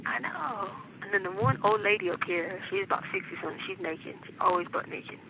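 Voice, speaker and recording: A sleepless, hyper middle-aged woman gossips on a jail phone, doing little voices for the people she quotes. The line is thin and phone-like with faint hiss. Her voice has a gravelly edge. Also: mid-range voice, fairly quick. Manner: chatty storyteller, acts out the people she quotes. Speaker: inmate on a jail phone call. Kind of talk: casual phone chat.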